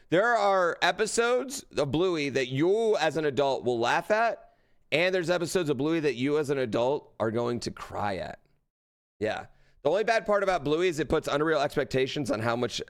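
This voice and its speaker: Man, streamer, brash, swears a lot, teasing, casual livestream talk. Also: fairly high pitch. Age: adult parent. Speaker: streamer reacting to a speedrun event.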